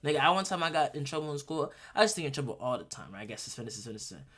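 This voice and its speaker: A man's voice: medium pitch, big pitch swings, racing, fairly bright tone. A young man talking casually and bluntly as a streamer reacting to a video, profane and rambling, full of restarts.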